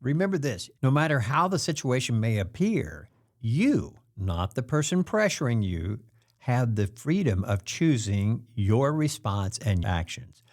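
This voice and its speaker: A man hosting a self-help talk, explaining things in a calm way and acting out the quoted pressure lines. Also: medium pitch, unhurried. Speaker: host.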